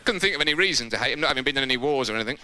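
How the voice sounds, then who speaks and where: A man doing a live stand-up routine on a theatre stage, lively and jumping into quoted voices and shouts. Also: mid-range voice, racing. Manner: animated, jumps into shouted impressions and quoted voices. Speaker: stand-up comedian. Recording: loud background noise, live theatre recording.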